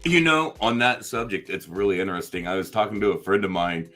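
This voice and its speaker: A man's voice: on the low side, brisk, sharp tone, soft background music. A man co-hosting a casual chat show, telling rambling stories with lots of restarts. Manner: rambling, restarts and trails off, laughs at own stories. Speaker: podcast co-host.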